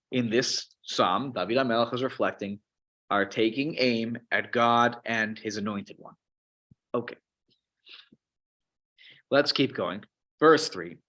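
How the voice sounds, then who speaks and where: A man teaching a Psalms class, explaining Hebrew words in an animated way with frequent restarts. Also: mid-range voice. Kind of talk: Torah class lecture.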